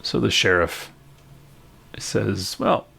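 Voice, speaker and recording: A man narrating a tabletop game as game master, halting and full of fillers. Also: very deep voice, fairly even intonation, a bit bright, slight background noise.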